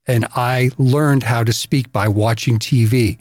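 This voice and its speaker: A man's voice: medium pitch, unhurried, dry recording, studio quality. A man from the Boston area, co-hosting a podcast and telling stories in a casual, laughing way. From Boston area, United States. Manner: lively storyteller who laughs often. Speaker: podcast co-host. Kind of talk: casual storytelling chat.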